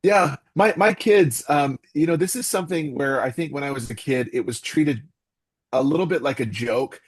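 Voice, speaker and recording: Earnest, animated middle-aged man. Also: medium pitch, normal speed, slightly rough. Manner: earnest, animated, with quoted asides. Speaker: podcast guest, author and voice actor. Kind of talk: casual interview talk.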